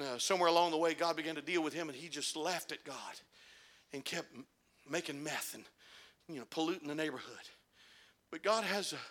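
A male pastor preaching a sermon, telling stories quietly and then rising to shouted, fervent climaxes. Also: a little high. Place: church sanctuary.

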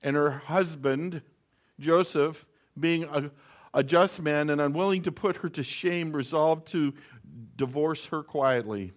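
A man's voice: fairly high pitch, measured pace. A middle-aged man preaching a sermon, reading scripture aloud and explaining it in a conversational way with stories from home. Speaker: pastor.

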